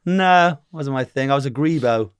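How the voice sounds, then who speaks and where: A man's voice: mid-range voice, moderate pace, smooth, no echo. A man in his fifties from England, telling stories as a guest in a casual interview, rambling and acting out the voices of the people he quotes. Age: 50s.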